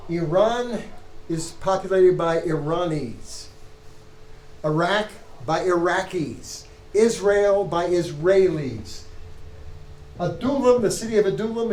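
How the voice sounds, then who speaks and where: A man teaching a Hebrew reading class, thinking aloud with halting restarts as he parses the text. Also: high voice, darkish tone, reverberant, slight background noise, poor audio. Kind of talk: classroom lecture.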